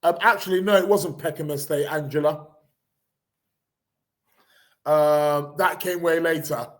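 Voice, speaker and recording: Slow-talking high-voiced man. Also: fairly even intonation. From England. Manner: rambling, sarcastic asides, frequent fillers and restarts. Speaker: podcast host. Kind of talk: casual live chat reading news.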